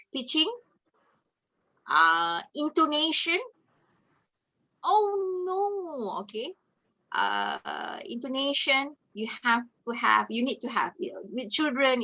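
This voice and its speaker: Woman from Malaysia, teacher trainer on a video call; slow, bright and fairly high, punctuates with "okay?". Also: lo-fi sound. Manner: tags phrases with "okay" and "all right", mixes in Malay phrases. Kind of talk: webinar lecture.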